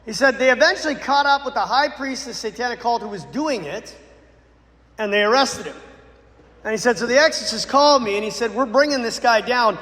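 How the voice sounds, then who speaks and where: High-voiced priest preaching in echoey church. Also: male voice, fairly quick. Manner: dramatic storyteller, swings between loud bursts and hushed lines. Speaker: Catholic priest. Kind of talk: sermon storytelling. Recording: echoey church with long reverb.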